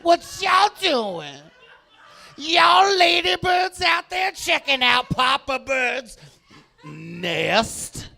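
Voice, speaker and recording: A man voicing a smooth-talking male bird wooing lady birds with slow, drawn-out come-on lines. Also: very high voice, very animated, bright, forceful tone, pitched above the performer's own voice, exaggerated voice. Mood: seductive.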